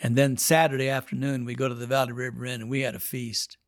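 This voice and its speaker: A man's voice: medium pitch, little pitch movement, fast, no echo, studio quality. A man, a pastor, telling a story in a sermon and acting out the people in it.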